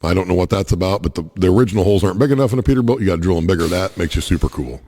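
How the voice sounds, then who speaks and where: A man co-hosting a casual podcast chat, joking in a dry, deadpan way. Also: low-pitched, very fast, a little hiss or hum. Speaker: podcast co-host. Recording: long hall reverb.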